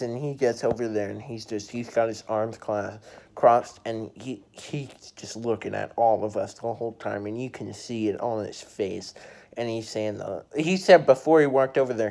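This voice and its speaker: This is a young adult spinning a casual storytime for a vlog. The delivery halts often, full of fillers and restarted phrases, with laughs breaking in at the memory. The voice sits at an ordinary middle pitch. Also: normal speed, darkish tone. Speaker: storytime vlogger.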